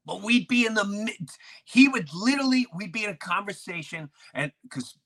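A man hosting a podcast, telling neighborhood stories in a loose, animated way, with lots of false starts. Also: high-pitched, moderate pace. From grew up in a city neighborhood near an airport. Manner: animated, with many restarts and acted-out quotes. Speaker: podcast host. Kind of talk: casual storytelling chat.

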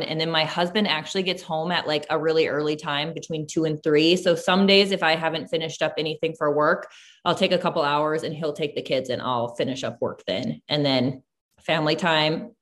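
A woman's voice: low voice, brisk. Chatty woman, lots of "like". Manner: chatty, lots of "like" fillers, animated storytelling. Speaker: podcast host, mom business owner. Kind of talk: casual conversational chat.

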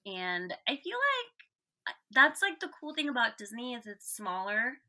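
A woman's voice: on the high side, wildly swooping pitch, normal speed, sharp tone. A woman guest on a podcast, chatting casually and rambling with lots of "like"s. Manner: rambling, many "like"s. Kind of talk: casual chat.

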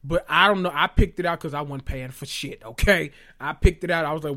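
A man's voice: a little high, brisk. Sassy, profane man gossiping. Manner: animated, sassy, profane, talks straight to listeners. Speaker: podcast host. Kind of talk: casual reality TV gossip monologue.

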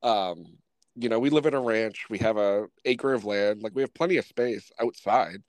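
Relaxed Northern US host, dry sound. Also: male voice, lowish voice, normal speed, dry recording. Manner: relaxed, rambling, many fillers. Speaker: podcast host. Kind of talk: casual interview chat.

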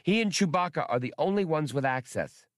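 A man's voice: a little high, animated, a little fast, dry recording, clean studio sound, voice pushed up, close to an everyday voice. A man voicing a small, childish male computer probe droid, eager and helpful, in an audiobook. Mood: wounded. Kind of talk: audiobook character voice.

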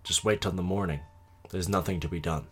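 A man voicing a stout older country innkeeper woman who speaks calmly and coldly. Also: fairly low pitch, moderate pace, faint music behind, close to an everyday voice. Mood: quietly sad. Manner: calm, cold, quietly insistent.

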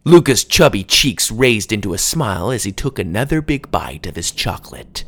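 A man narrating a children's adventure story aloud, reading expressively. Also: moderate pace. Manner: expressive read-aloud with lively pitch.

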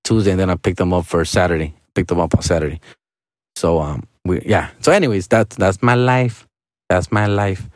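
A man's voice: deep voice, normal speed, no echo, clean studio sound. Laid-back storyteller man. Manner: profane, laid-back, mixes in Spanish slang. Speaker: vlog host. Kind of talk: casual storytelling monologue.

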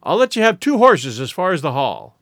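A man voicing a surly, heavy-set male country innkeeper who speaks gruffly and grudgingly in an audiobook reading. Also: fairly high pitch, wildly swooping pitch, brisk, fairly bright tone, no echo, clean studio sound, heavily acted.

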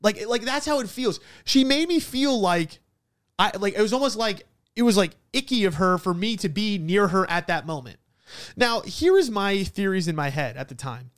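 A young man tells a personal story on his podcast, his voice bright and sitting high. He talks animatedly, with plenty of fillers and quick laughs. The sound is smooth and very dry, with no room echo. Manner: animated, frequent "like" fillers, laughs while venting. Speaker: podcast host. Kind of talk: casual storytelling monologue.

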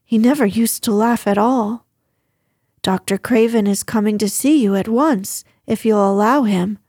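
A woman's voice: mid-range voice, unhurried, mellow, husky, dry recording, clean studio sound. A woman reading the lines of a flustered, deferential middle-aged housekeeper who speaks in a fussy, hesitant way. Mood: fussing.

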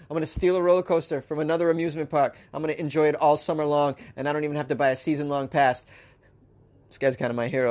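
Male host, slightly high voice, sarcastic comic news riffs, laughs a lot. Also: little pitch movement, rapid-fire, a little mellow. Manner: sarcastic, riffing, laughs often. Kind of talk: comedic news commentary.

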